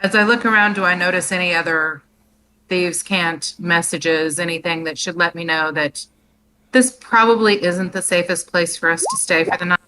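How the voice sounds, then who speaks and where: A woman's voice: on the low side, fairly even intonation, moderate pace, background noise. A woman playing a tabletop game, talking in an easygoing, jokey drawl over a voice chat mic. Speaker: player. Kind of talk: casual tabletop game play.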